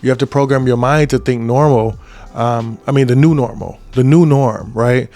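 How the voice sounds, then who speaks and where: A man's voice: medium pitch, normal speed, dark tone. A man in his twenties giving a casual motivational talk as a podcast host, often checking in with "right?". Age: 20s. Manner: conversational, repeats "right?" often.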